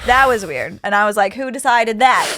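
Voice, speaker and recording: A woman's voice: fairly high pitch, expressive, moderate pace, noisy background. A middle-aged woman hosting a comedy podcast, chatting casually in a rambling, playful way and laughing easily. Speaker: podcast host.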